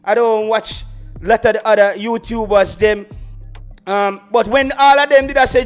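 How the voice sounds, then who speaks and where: A man's voice: high voice, fairly even intonation, moderate pace, smooth, faint music behind. A Jamaican man hosting a football channel, ranting boastfully on a livestream and slipping into patois. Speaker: football YouTube host. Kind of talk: heated livestream football rant.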